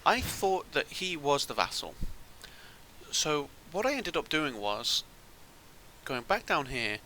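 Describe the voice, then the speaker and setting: A man talks through a game in loose, casual commentary. His voice is very bright and sharp, and he thinks aloud, circling back with restarts and hesitations. A faint hiss sits under the recording. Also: a little high, big pitch swings, takes it slowly, low-quality recording. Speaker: gaming channel host.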